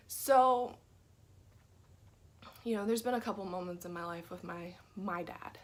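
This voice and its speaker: A woman telling a personal faith story in an earnest, conversational way, sometimes dropping to a soft whisper. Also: mid-range voice, little pitch movement, normal speed. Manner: earnest, drops to a soft whisper at tender moments. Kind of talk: personal testimony.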